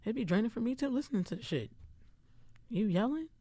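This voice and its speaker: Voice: mid-range voice, animated, fast, dark tone, dry recording. A podcast co-host in casual chat who talks loosely and animatedly, using lots of slang and filler words.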